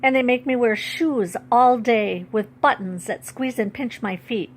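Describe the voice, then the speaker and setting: A young Ojibwe girl, upset and defiant, pleads in a high, tearful voice, as a woman reads her aloud from a storybook. The delivery is raised and urgent. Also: measured pace. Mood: upset pleading.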